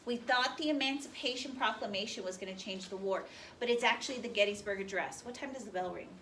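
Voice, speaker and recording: Heard from a distance with slight noise in the classroom, a woman lectures on history, reading a speech aloud and shooting questions at her students. Her voice is on the high side and fairly bright, and she speaks at a quick pace.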